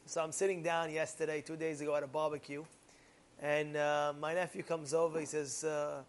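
A man casually telling a parable as a moral lesson, animated and rambling, with repeated fillers. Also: on the high side, moderate pace. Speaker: storyteller giving a moral lesson.

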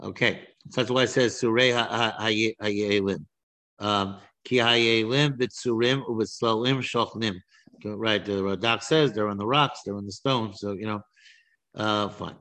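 A man's voice: lowish voice, steady tone, a little slow, bright, forceful tone. A man teaching an informal text-study class, reading verses aloud and then explaining them with frequent restarts and fillers. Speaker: Torah teacher.

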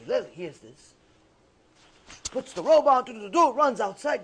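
High-voiced man teaching with animated stories. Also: unhurried, pauses often, husky. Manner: animated, acts out scenes. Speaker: Torah teacher. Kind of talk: religious lecture with storytelling.

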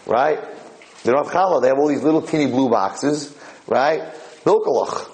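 A man giving a Torah lecture, telling lively personal stories and acting out the dialogue, with frequent "right?" asides. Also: medium pitch, a little fast, low-quality recording. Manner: animated storyteller, acts out dialogue, frequent "right?".

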